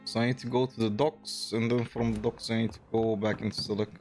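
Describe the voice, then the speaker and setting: A man's voice: fairly low pitch, flat delivery, brisk, a little mellow, faint music behind. A man streaming a video game, chatting casually and thinking aloud as he plays. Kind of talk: casual gameplay commentary.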